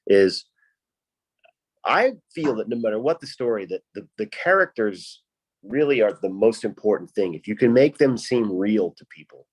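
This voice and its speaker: Lower-voiced chatty man from Rhode Island. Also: lively intonation, normal speed, slightly rough. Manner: chatty, laughs often. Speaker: podcast host. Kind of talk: casual chat.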